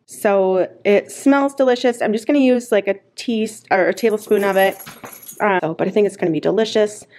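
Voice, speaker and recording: A woman's voice: medium pitch, fairly quick, a little mellow, a little hiss or hum. A woman in her thirties chatting casually to the camera about her meals and errands, upbeat and full of fillers. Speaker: lifestyle vlogger. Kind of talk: casual what-I-eat chat to camera. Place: in a parked car.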